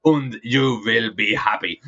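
A man's voice: medium pitch, takes it slowly, bright, forceful tone. A man putting on a mocking impression of a pompous older male globalist elite with a thick accent. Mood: mock-solemn. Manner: mock-solemn, mocking impression. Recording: dull lo-fi sound.

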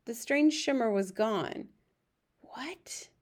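A woman reading a children's novel aloud in measured scripted narration. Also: mid-range voice, expressive, a little mellow. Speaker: audiobook narrator.

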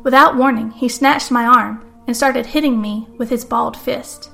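A woman's voice: a little high, fairly even intonation, moderate pace, gravelly, hardly any pauses, pushed and bright, faint music behind. A woman who hosts a storytelling podcast, telling a murder tale as dramatic first-person narration. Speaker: podcast host and author.

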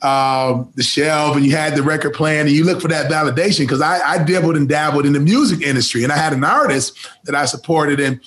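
A man's voice: a little high, fairly quick, fairly bright tone. A man hosting an interview in a casual chat, talking hesitantly with many "um"s and restarts. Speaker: host.

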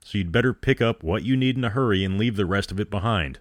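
Man voicing a mocking spaceship crewman, sarcastic, impatient, dry low voice. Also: quick pace, no room sound, lightly acted.

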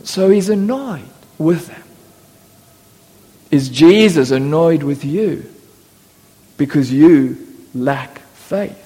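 A man's voice: fairly high pitch, lively intonation, slow pace, long pauses, mellow. A man preaching a sermon, acting out biblical voices with humorous asides. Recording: long reverb of a church hall.

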